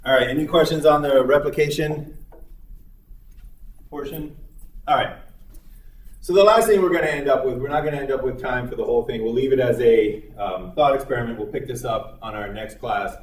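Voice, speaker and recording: A psychology instructor, male, lectures his class in a conversational, explanatory style, dropping in the occasional filler. His mid-range voice moves a little fast. The room is echoey and the mic sits far away.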